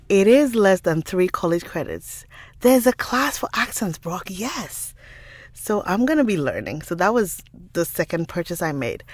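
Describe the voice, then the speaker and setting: A woman with a low-sitting voice hosts a casual livestream, chatting and greeting viewers by name into a studio side-address mic, and the recording is dry. She is a livestream host and audiobook narrator whose first language is not American English.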